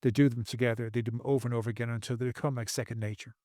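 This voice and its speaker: A man's voice: mid-range voice, little pitch movement, very fast, a little mellow, no echo. Earnest preachy man, dry sound. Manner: earnest, preachy, repeats phrases for emphasis. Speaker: podcast guest, author. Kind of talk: podcast interview.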